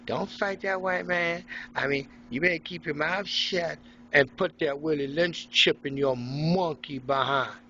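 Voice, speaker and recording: A man's voice: a little slow, sharp tone. A man putting on a bossy scolding woman. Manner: bossy, scolding, high put-on voice. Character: nagging demanding woman, scolding her man. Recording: dull lo-fi with faint noise.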